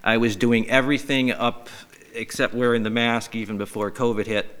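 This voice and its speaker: A man's voice: medium pitch, level tone, moderate pace, fairly bright tone. A man hosting a podcast, telling rambling, profane and self-mocking stories in a casual way. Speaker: podcast host. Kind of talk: casual storytelling.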